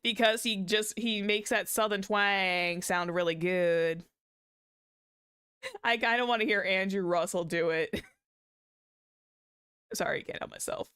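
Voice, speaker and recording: A woman's voice: mid-range voice, a little slow, long pauses, fairly bright tone, clean tone, no room sound. A young woman streamer chatting casually while playing a game, giggling and teasing herself. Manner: giggly, self-mocking, laughs often. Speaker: VTuber streamer.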